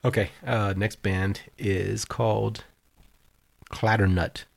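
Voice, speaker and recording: Gravelly low-voiced man in casual chat. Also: flat delivery, slow pace. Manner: loose, swearing, laughs often. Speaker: podcast co-host presenting songs.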